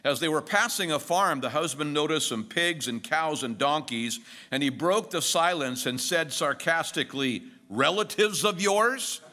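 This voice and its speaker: Man, middle-aged pastor, bright forceful voice, slightly high, conversational sermon with jokes. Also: normal speed, hardly any pauses. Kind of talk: expository sermon.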